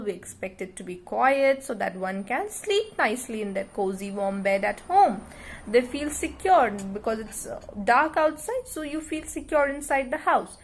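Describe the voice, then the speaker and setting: A woman with an Indian English accent teaches a school poem in a slightly high voice. She explains slowly and patiently, tossing questions to her students as she goes. Now and then she reads a line of verse with extra expression. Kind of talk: classroom lesson explaining a poem.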